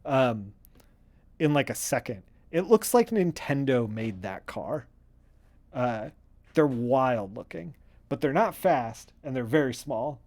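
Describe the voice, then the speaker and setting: Rambling excitable male streamer. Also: medium pitch, slow. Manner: rambling, excitable, lots of fillers. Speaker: streamer coloring comic art. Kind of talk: casual livestream chat.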